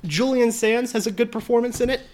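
A man's voice: very high-pitched, a little fast, darkish tone. Profane ranting man reviewing a film. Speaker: podcast co-host. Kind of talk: casual film review chat.

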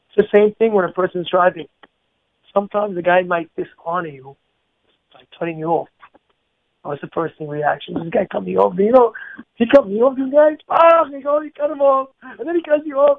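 A man with a rather high voice teaches an informal moral lesson, repeating phrases and posing rhetorical questions to his listeners. The sound is thin and phone-like, with no room echo at all. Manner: repetitive, rhetorical questions, acts out quoted people. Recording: tinny phone-like dry recording.

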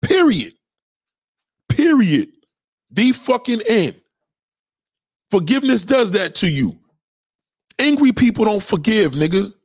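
A high-pitched, husky man rants on a podcast. He is loud, preachy and keeps repeating his points, and his pitch jumps all over. The mic is close and dry. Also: expressive, a little slow, long pauses, no echo. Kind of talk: profane ranting commentary.

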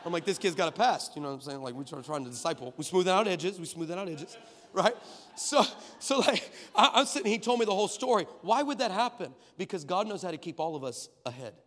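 A man preaching an energetic sermon, telling a story and building to shouted peaks. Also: sits high, quick pace. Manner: builds to shouted crescendos, acts out voices in stories. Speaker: guest preacher. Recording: long hall reverb.

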